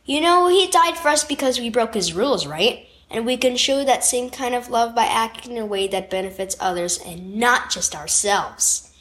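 A woman voicing a mother in a children's devotional story, gentle and teasing, then earnest. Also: a little high, normal speed, hardly any pauses, natural voice. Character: warm playful adult mother.

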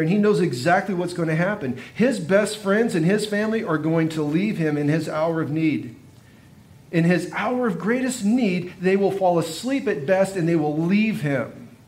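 A male pastor preaching a sermon in an earnest way, often repeating phrases and dropping his voice for quiet emphasis. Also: a little high, a little hiss or hum.

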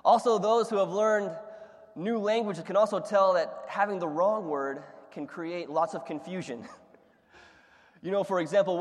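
A male pastor delivers a sermon in a lively, storytelling manner and chuckles at his own anecdotes. His voice sits a little on the high side. Long reverb fills the hall around him. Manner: animated storyteller, laughs at his own stories. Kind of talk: sermon with humorous stories.

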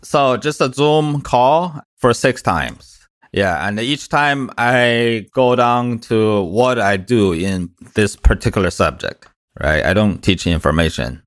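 A man with a Mandarin accent, a guest coach talking plainly and directly in a podcast interview, pausing on fillers. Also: on the low side, expressive, fairly bright tone. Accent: Mandarin Chinese.

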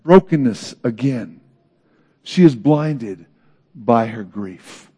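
A man preaching a sermon in an earnest, dramatic way, swinging between loud emphasis and hushed moments. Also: medium pitch, lively intonation, takes it slowly, husky. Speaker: pastor.

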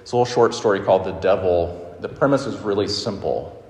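A man's voice: low voice, a little fast, darkish tone. A man, preaching a sermon as pastor in a conversational storytelling way. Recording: roomy echo with long reverb.

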